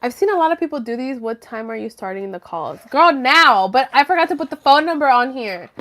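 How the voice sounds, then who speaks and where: A woman's voice: sits high, lively intonation, a little fast, fairly bright tone. Chatty woman hosting a live stream. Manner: chatty, rambling, swears freely. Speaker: livestream host. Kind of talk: casual livestream chat. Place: at home.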